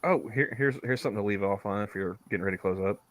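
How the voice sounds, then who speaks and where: A man's voice: lowish voice, rapid-fire, no echo. A man co-hosting a podcast, rambling casually, repeating his words and laughing often. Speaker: podcast co-host. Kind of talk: casual chat.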